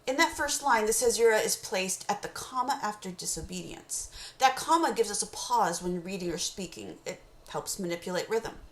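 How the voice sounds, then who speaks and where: A woman teacher with a mid-range, animated voice lectures on poetry for a recorded course, explaining terms in measured fashion and reading brief excerpts of poems slowly. The sound is reverberant.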